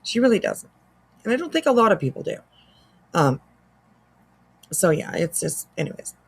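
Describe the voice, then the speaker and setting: A woman's voice: medium pitch, big pitch swings, normal speed, breathy edge. A middle-aged woman hosting a casual commentary show, rambling and hedging with lots of fillers while fighting the hiccups. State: has the hiccups. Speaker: commentary host.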